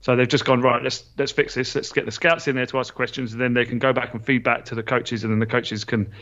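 A man's voice: medium pitch, flat delivery, fast, a bit bright, highs cut off. A man co-hosting a casual sports podcast, sounding stuffy and nasal, chatty with many restarts. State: stuffy and nasal from a sore nose. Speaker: podcast co-host. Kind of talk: casual chat.

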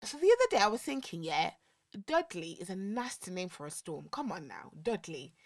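A woman's voice: lowish voice, fairly quick. A young woman with a Birmingham accent, co-hosting a casual podcast chat, rambling and going off on tangents. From Birmingham, England. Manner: animated, rambling, goes off on tangents. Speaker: podcast co-host.

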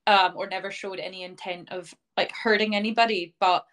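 A woman's voice: mid-range voice, steady tone, fairly quick, fairly bright tone. Chatty young woman telling a story. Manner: chatty, many fillers like "um" and "like", acts out quoted speech. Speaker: interview guest, dog owner. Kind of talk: casual storytelling in a podcast interview.

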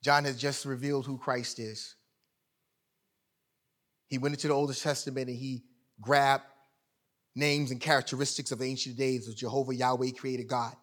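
A man preaching a sermon in an emphatic, conversational way, swinging from loud to quiet. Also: mid-range voice, flat delivery, moderate pace, long pauses. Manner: conversational, illustrates with sports stories.

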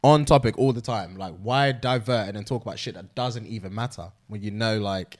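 A man's voice: on the low side, a little fast. Man agreeing along. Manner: agreeing, laughing along, echoing. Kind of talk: casual chat.

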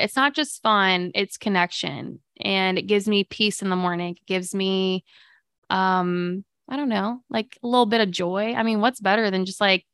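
Woman, upbeat live-stream host, smooth clear voice, dry close sound. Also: mid-range voice, fairly bright tone, no echo. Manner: chatty, upbeat, lots of fillers. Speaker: livestream podcast host. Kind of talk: casual live chat with viewers.

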